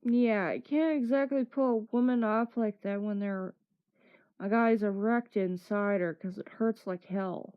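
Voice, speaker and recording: A woman's voice: medium pitch, steady tone, measured pace, clear, resonant tone. A woman streamer telling a casual story, acting out what people said with laughs between lines. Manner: acts out quotes with laughs. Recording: dull lo-fi stream audio.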